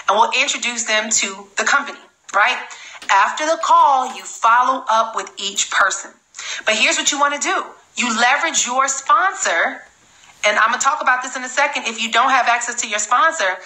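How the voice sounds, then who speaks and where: A woman giving an energetic, emphatic live-streamed sales training talk as a network marketing trainer. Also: a little high, roomy sound, low-quality recording. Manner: energetic, emphatic, repeats for stress.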